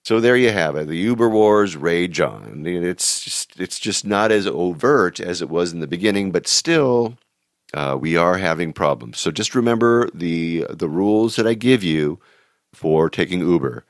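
A man's voice: deep voice, animated, unhurried, no room sound, clean studio sound. A man hosting a travel show, telling anecdotes in a chatty, easygoing way with plenty of fillers and chuckles. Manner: chatty, laughs at his own stories, many fillers. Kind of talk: casual anecdotal storytelling.

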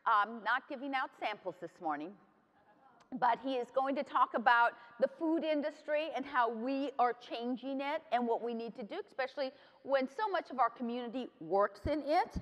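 A middle-aged woman with a high voice gives a personal speech. She opens a policy panel and tells a family story, now and then slipping into Spanish phrases. Her voice carries a long reverb from a large conference hall. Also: expressive, normal speed, a bit bright. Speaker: congresswoman moderating a policy panel.

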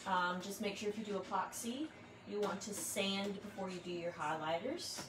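A woman's voice: mid-range voice, fairly even intonation, moderate pace. Chatty woman crafting, roomy echo. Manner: chatty, laughs easily, explains as she works. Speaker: crafter demonstrating tumbler making. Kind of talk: casual livestream tutorial. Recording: roomy echo with background noise.

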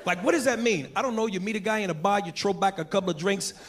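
A man's voice: sits high, fast. Profane man doing stand-up. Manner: crude, profane, crowd-addressing. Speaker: stand-up comedian. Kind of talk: stand-up comedy.

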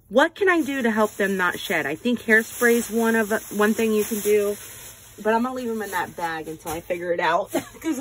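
A woman's voice: mid-range voice, a little hiss or hum. Gushing folksy woman vlogger. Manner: gushing, folksy, excitable, self-deprecating. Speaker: haul vlogger. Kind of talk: casual chatty haul video.

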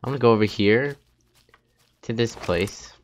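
A young gaming YouTuber with a medium-pitched voice gives casual gameplay commentary at a moderate pace, taunting other players and laughing often. Faint game noise plays behind him.

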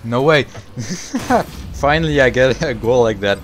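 A young man commentating his own gameplay, excitable and foul-mouthed, shouting at big plays and griping about teammates. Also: mid-range voice, slow, slight background noise. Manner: excitable, swears often, yells at big plays. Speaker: gaming YouTuber.

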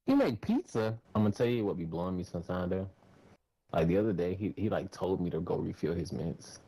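A man's voice: low voice, sing-song, a little fast, creaky, mellow, slightly rough, poor audio. A man chatting with a gaming friend, teasing him in slangy banter and laughing often. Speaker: friend and teammate. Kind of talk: casual gaming chat.

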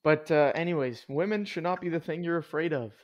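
A man's voice: fairly high pitch, a little fast. A young man co-hosting a podcast in casual chat, laid-back and joking, with slangy asides. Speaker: podcast co-host.

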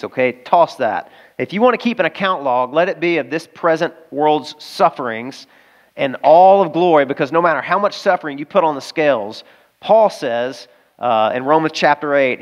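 A man preaching a sermon as pastor, talking casually with the congregation and slowing down to read scripture aloud. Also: mid-range voice. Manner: conversational, asides to the congregation; slows down when reading scripture aloud. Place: church service in a school auditorium.

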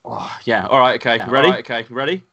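A man's voice: medium pitch, lively intonation, very fast, creaky, bright, forceful tone. A man from the house band bantering in a laid-back, joking way over a video call. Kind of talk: casual banter. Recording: dull lo-fi call audio with faint noise.

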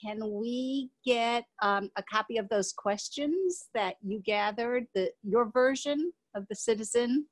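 A woman in the audience of a video call asking the speaker a quick, casual question. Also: fairly high pitch. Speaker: audience member.

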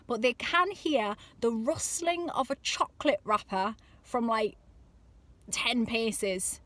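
A woman's voice: a little high, lively intonation, a little slow, fairly bright tone. A woman in her thirties talking to camera about parenting, chatty and exasperated, acting out little voices. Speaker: parenting vlogger. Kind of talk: casual comic monologue to camera.

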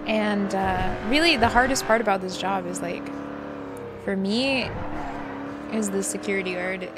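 A woman's voice: medium pitch, a little slow. A woman streamer chatting casually while gaming, rambling loosely and swearing freely. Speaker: streamer playing a role-play game. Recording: game audio and engine noise behind her.

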